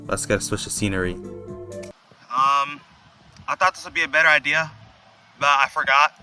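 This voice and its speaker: A man's voice: mid-range voice, unhurried, pauses often, sharp tone, faint music behind. A young man rambling casually in a vlog, slangy and swearing, calling his viewers bro. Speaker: video essayist.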